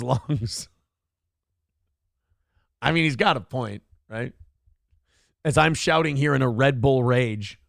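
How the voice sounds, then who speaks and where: A man's voice: mid-range voice, creaky, fairly bright tone, no room sound, clean studio sound. A man hosting a livestream talk show. He reads viewer comments aloud and rants with plenty of profanity. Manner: ranting and profane. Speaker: live show host.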